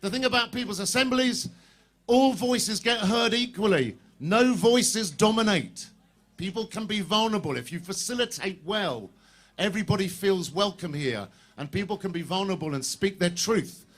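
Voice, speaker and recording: A man's voice: sits high, moderate pace. A man giving an impassioned outdoor rally speech as an activist, rallying the crowd with questions. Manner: animated, swears casually, rallies the crowd with questions. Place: outdoor public square rally.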